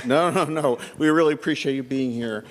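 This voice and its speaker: A man's voice: mid-range voice, a little fast, in a large hall, slight background noise. A man chairing a club meeting, politely keeping things moving and moderating questions.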